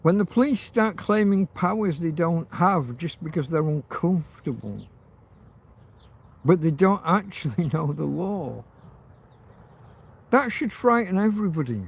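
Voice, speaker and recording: A man's voice: fairly high pitch, lively intonation, a little slow, gravelly, long pauses, husky. A man hosting an informal livestream, ranting heatedly and swearing, with phrases repeated for emphasis. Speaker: livestream host.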